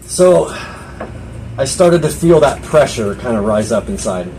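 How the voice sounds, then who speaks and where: A man's voice: medium pitch, animated, unhurried, darkish tone, a little hiss or hum, low-quality recording. A young man giving a personal testimony at a Bible study, talking earnestly in a loose conversational way, often restarting and voicing his own inner thoughts.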